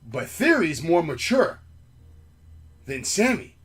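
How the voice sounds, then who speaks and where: A man's voice: on the high side, big pitch swings, slow pace, breathy edge. A man hosting a wrestling podcast, ranting in heated, profane casual chat. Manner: brash, heated, swears constantly. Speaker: podcast host.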